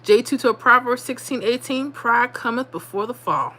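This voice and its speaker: A woman's voice: on the high side, normal speed, hardly any pauses, sharp tone, a little hiss or hum. Blunt woman hosting a livestream. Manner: blunt, motivational, talks straight to viewers; repeats herself, drops into dialect. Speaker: livestream host. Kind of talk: casual livestream chat.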